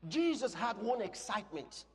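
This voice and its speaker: A man preaching a sermon with passion, swinging between loud shouts and quieter asides. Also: sits high, sing-song, normal speed. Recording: long hall reverb.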